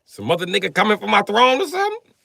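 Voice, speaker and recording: A male streamer rants in a loud, profane, animated way and keeps breaking into shouts, his voice swooping all over. His tone is bright and rather high for a man, recorded dry and close on a desk mic. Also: fast talker, vocal fry, dry recording. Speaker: live streamer. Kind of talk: comedic live stream rant.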